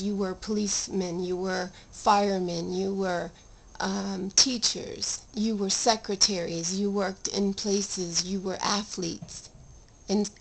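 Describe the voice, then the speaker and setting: A woman's voice: mid-range voice, low-quality recording. Earnest middle-aged woman talking to camera. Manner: earnest, rambling, with restarts and sudden emphatic rises. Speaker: vlogger sharing her illness story. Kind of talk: casual heartfelt talk to camera.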